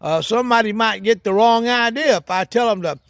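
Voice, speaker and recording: Man doing a high-pitched goofy hillbilly. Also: a little fast, no room sound, studio quality. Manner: folksy drawl with hoots and cackles. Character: goofy rural hillbilly man, cheerful and dim. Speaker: comedy sketch character host. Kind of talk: hillbilly comedy monologue.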